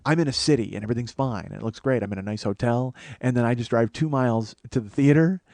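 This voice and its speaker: A man in his forties hosting his own show, telling a profane, animated story that swings from low mutters to loud mock pride. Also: fast talker, no echo. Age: 40s. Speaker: comedian podcast host. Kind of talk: storytelling monologue.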